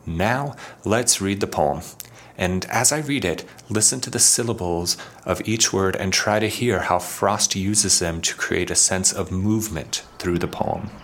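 Deep-voiced man teaching poetry. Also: fairly bright tone. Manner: explanatory, slows to sound out words. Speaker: podcast host. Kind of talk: scripted lesson narration.

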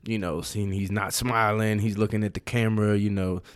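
A man's voice: fairly low pitch, flat delivery, moderate pace, clean tone. A man co-hosting a casual faith podcast, rambling and full of restarts. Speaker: podcast co-host.

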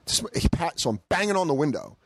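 Brief: male comedian host, lively storyteller, voice a bit high, swings wildly when quoting people, dry close mic. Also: fast, slightly rough, no echo. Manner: animated, acts out quotes with big jumps in pitch; swears freely, laughs through stories. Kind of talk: casual storytelling chat.

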